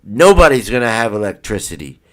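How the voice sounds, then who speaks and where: A man's voice: lowish voice, sing-song, a little fast. A man hosting a live stream, ranting heatedly and profanely in a rambling way. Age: adult parent. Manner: rambling with restarts. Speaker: livestream host.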